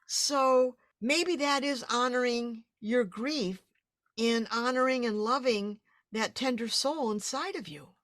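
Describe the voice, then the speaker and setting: A woman hosting an interview, speaking in a warm, affirming and thoughtful way. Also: on the high side, slow, no echo, studio quality. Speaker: podcast host. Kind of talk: interview conversation.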